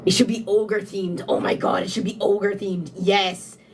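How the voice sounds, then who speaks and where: A woman's voice: medium pitch, steady tone, measured pace, a little hiss or hum. A young Irish woman live-streaming casually, answering chat, laughing often and repeating phrases as she thinks aloud. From Ireland. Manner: giggly, breaks into frequent laughter. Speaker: livestreamer.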